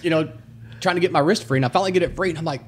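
A man telling a story as a podcast guest, animated and swearing, acting out the voices in it. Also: on the high side, rapid-fire, slight background noise. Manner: animated, swearing, acts out voices in his stories. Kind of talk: casual storytelling.

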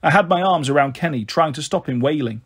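Husky man reading a story aloud. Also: a little high, fast talker. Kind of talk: audiobook reading.

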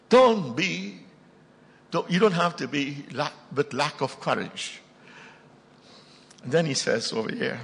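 A man with an Indian accent preaching a sermon as pastor, telling stories emphatically and rising to loud bursts. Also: mid-range voice, animated, normal speed, gravelly, pauses often. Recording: long reverb of a large hall.

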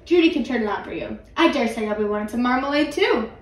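A fierce, fussy housekeeper speaks briskly and high, as a woman reading aloud puts her on. The sound is roomy and set back from the mic. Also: lively intonation, distant mic, a little hiss or hum, lightly acted. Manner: brisk, exclaiming. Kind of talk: storybook reading.

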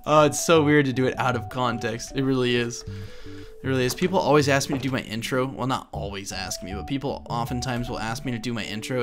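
A young man from Oklahoma chatting casually while playing a building game, thinking aloud and correcting himself as he goes. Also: medium pitch. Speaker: Minecraft let's play host. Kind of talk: casual gameplay commentary.

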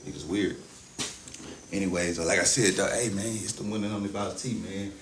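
A man's voice: low-pitched, fairly even intonation, moderate pace, a little hiss or hum. A young man in casual livestream chat, boastful and hyped, talking to his chat with constant filler phrases. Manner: boastful, hype talk with constant "you know what I'm saying" fillers.

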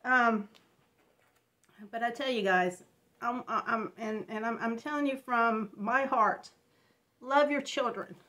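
Tearful halting woman vlogger. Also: a little high, bright, forceful tone. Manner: halting, tearful, many restarts. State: crying. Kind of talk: emotional personal vlog.

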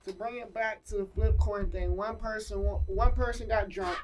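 A man's voice: sits high, fairly even intonation, moderate pace, distant mic, slight background noise. A man in a casual songwriting session, trying out lyric lines by half-singing them between remarks. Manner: half-sings lyric ideas between chat. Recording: guitar music playing behind.

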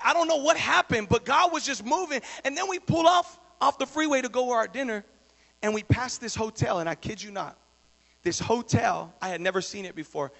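High, gravelly preacher man in an echoey hall. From Texas. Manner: builds from low storytelling to shouted exhortation. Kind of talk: sermon.

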